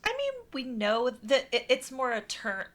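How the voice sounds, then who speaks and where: A woman's voice: a little high, sing-song, moderate pace, a bit bright. An American woman co-hosting a podcast, chatting casually in a playful, teasing way. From USA. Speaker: podcast co-host. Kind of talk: casual chat.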